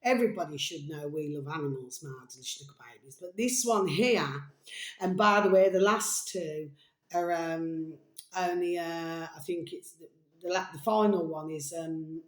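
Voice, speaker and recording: A woman's voice: low-pitched, moderate pace, echoey room. A woman hosting a chatty, rambling vlog, calling her viewers "babies" and drifting between topics. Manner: rambling, affectionate, calls viewers "babies", hums and sings snatches. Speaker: video host.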